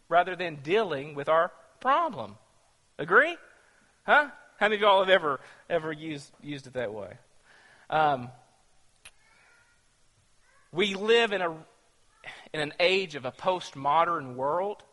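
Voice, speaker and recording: Male pastor, high bright voice, talks with the congregation, sermon in a big echoing hall. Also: lively intonation, moderate pace. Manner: conversational, asks the congregation questions, many restarts.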